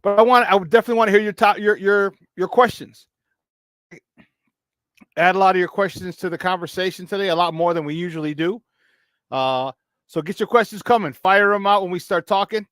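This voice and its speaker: A man's voice: high voice, brisk, fairly bright tone, no room sound. A young man hosting a casual morning sports talk show, rambling loosely and slipping into Spanish phrases.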